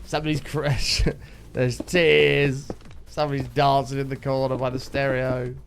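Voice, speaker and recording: A man's voice: mid-range voice, flat delivery, a little slow, gravelly, soft background music. A man chatting casually and swearing freely while streaming a video game, talking to his viewers. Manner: chatty, sweary, jokey, talks to chat. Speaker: livestreamer playing a video game. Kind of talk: casual gaming stream chat.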